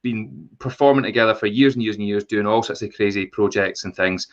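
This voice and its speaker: A man hosting a podcast, chatty and quick to laugh in casual banter. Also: on the low side, fairly even intonation. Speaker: podcast host. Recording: slightly dull, lo-fi sound.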